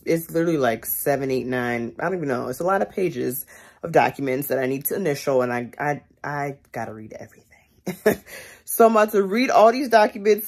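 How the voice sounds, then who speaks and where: A woman's voice: sits low, a little mellow. A young woman vlogging casually at home, chatty and repeating herself, often calling viewers y'all. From Chicago area, United States. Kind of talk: casual vlog to camera.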